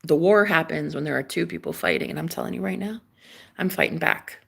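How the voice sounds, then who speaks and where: A woman chatting casually on a live stream, dramatic and gushing, swinging from loud exclamations to hushed asides. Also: fairly low pitch, fairly quick, gravelly, breathy edge.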